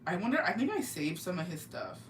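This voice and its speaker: A young woman from Oaxaca, Mexico, chatting casually and profanely with her live-stream viewers in an animated, slangy way. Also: on the low side, brisk, a little hiss or hum. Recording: roomy, mic at a distance.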